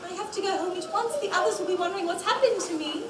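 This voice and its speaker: A woman's voice: very high-pitched, very fast. A woman playing a polite, curious young girl in a live stage play, earnest and exclamatory with prim phrasing. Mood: anxious, pleading. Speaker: stage actress. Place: library hall before an audience. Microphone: far camera. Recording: echoey hall from far off, audience noise.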